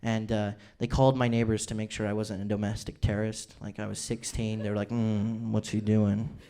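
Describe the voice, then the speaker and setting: A man's voice: lowish voice, little pitch movement, fast, dark tone. Young male comic in his 20s, rambling self-mocking stage delivery. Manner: rambling, self-deprecating, restarts often. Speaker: stand-up comedian. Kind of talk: stand-up routine. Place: comedy club stage.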